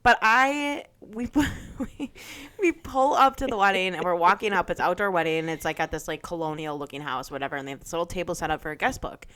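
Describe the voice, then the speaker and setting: A young adult woman co-hosting a podcast, telling a story in casual chat, animated, laughing often and swearing freely. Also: fairly low pitch, brisk. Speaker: podcast co-host.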